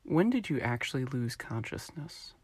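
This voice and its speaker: A male interviewer asks short, prompting questions in a plain, mid-pitched voice. He keeps each question brief before handing back to his guest. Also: very animated, moderate pace, breathy edge.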